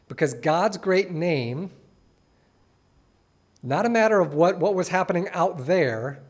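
A man with a high voice preaches a morning sermon. He reads scripture expressively, then drops into casual, conversational asides to the congregation. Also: a little mellow. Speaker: pastor.

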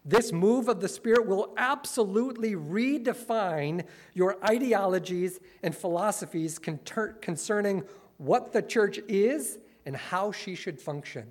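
Man, earnest lecturer, mid-high voice, wry asides. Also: animated, unhurried. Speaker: speaker critiquing a church movement. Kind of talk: lecture-style talk, reading quotes.

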